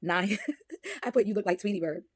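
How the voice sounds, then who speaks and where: A woman's voice: medium pitch, lively intonation, normal speed, no echo, studio quality. A woman, casually reading aloud from her son's baby book and reminiscing, chatty and laughing often. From Brooklyn, New York.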